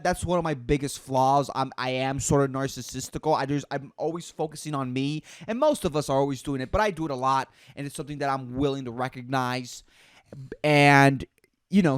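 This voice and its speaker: A podcast host with a fairly high voice talks alone in a halting, self-deprecating way, and he often stops and restarts his sentences. The sound is dry and close to the mic, with no room echo. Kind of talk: casual solo podcast monologue.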